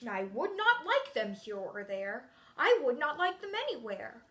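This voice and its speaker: A woman's voice: a little high, very animated, unhurried, fairly bright tone, voice pushed down. Woman doing a grumpy storybook character. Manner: grumpy, insistent refusals. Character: grumpy stubborn picky-eater character.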